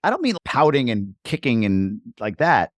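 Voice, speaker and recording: A man in his forties from New York, talking as a guest in a casual interview, emphatic and lively as he tells stories. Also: medium pitch, normal speed, no echo, clean studio sound. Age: 40s. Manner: emphatic, acts out voices of other people in quotes. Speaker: podcast guest.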